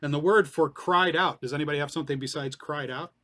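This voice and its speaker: A man leading a church Bible study talks through the passage in a relaxed, conversational way. His voice is fairly high and bright. He keeps turning questions back to the group. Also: fast.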